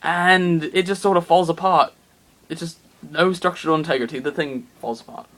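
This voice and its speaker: A man telling an absurd comic story in a rambling, excitable way with plenty of fillers. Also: a little high, normal speed.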